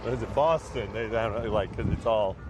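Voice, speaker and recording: A man's voice: fairly low pitch, quick pace, background noise. A man from New Orleans, a podcast guest in casual chat, explaining his ideas at length.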